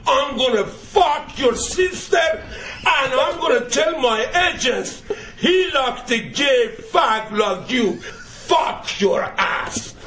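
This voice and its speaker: A man voicing a crude, furious man with a thick put-on accent, shouting vulgar threats in broken English. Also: very high voice, lively intonation, slow, few pauses, roomy sound, pitched above the performer's own voice, full character voice. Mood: ranting.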